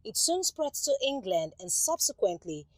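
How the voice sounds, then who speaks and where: A woman giving scripted documentary narration in a lively storytelling way. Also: mid-range voice, normal speed, no room sound.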